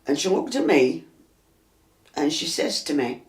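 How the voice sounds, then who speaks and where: A woman's voice: deep voice, lively intonation, unhurried. An older woman with a Yorkshire accent and a chesty cough, telling a story inside her house and acting out the dialogue as she goes. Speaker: resident interviewee. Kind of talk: storytelling interview. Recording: roomy echo.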